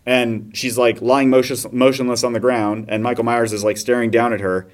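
A man in casual podcast chat, retelling a movie with animated energy and quick acted-out voices. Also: medium pitch. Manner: animated storyteller acting out scenes in voices. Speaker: podcast host.

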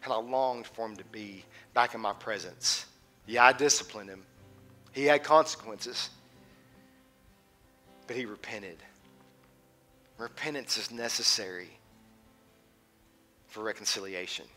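A man in his thirties preaching a sermon as a teaching pastor, swinging from loud and passionate to hushed and intimate. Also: fairly low pitch, a little slow, long pauses, faint music behind.

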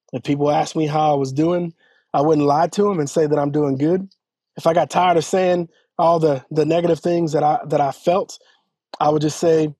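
A man, a church elder, speaking earnestly and haltingly as he tells a personal story in an interview, often restarting his sentences. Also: fairly high pitch, mellow, slightly rough, no echo. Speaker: church elder and podcast guest.

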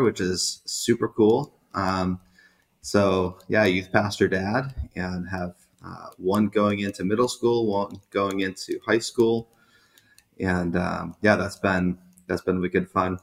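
Man, 40s, slightly low voice, chatty guest, restarts a lot. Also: takes it slowly. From greater Boston area. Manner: chatty storyteller, many fillers and restarts. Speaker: youth pastor, podcast guest. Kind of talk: casual interview chat.

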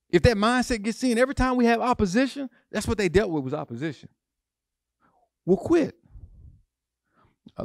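A man's voice: medium pitch, no room sound, clean studio sound. A male pastor preaching a sermon, repeating phrases and asking his congregation questions.

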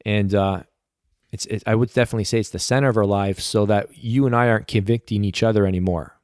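A man's voice: fairly low pitch, fairly even intonation, fast talker, darkish tone, dry recording, clean studio sound. A man in his thirties speaking sincerely and reflectively as an interview guest, with frequent fillers. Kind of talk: casual conversation.

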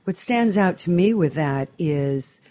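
A woman's voice: fairly low pitch, animated, slow, dark tone. A woman from Southern California hosting a radio interview, engaged and reflective, summing up her guest's points. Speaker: radio show host, interviewer. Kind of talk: conversational interview.

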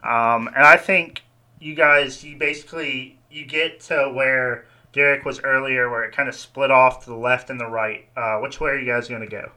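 Game master, male, easygoing rambling narrator with a very bright tone. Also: medium pitch, normal speed. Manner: relaxed, rambling, hedging.

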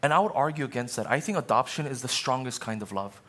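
A man in his thirties preaching a sermon in a church, shifting between soaring, emphatic passages and quiet, conversational asides. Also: medium pitch, animated, fast talker. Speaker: pastor. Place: church sanctuary.

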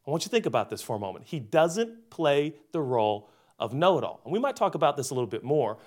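A man in his forties preaching a comedic sermon, animated and jokey, turning earnest. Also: on the high side, quick pace. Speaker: pastor.

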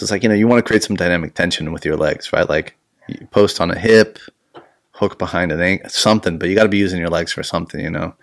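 A man hosting a casual podcast chat as a jiu-jitsu instructor, rambling, swearing and laughing often. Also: low voice.

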